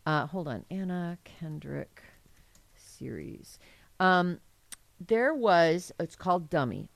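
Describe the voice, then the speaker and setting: A woman's voice: on the low side, big pitch swings, takes it slowly, vocal fry, no echo. Chatty, enthusiastic woman podcast host. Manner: enthusiastic, rambling, laughs often. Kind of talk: casual crude comedic chat.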